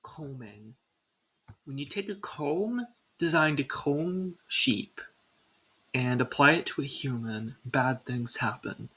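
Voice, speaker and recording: A young woman reads a scripted countdown in a husky, breathy voice that still sounds bright and forward. She keeps the tone casual and drops in dry little asides between entries. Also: extremely low pitch, animated, slow, low-quality recording. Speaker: video creator. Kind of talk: scripted ranking narration.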